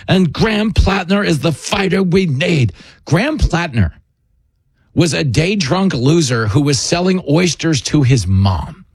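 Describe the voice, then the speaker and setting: A man's voice: on the high side, a little mellow, slightly rough, dry recording. A man hosting a talk radio show, mocking and sarcastic as he takes a caller. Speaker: radio host.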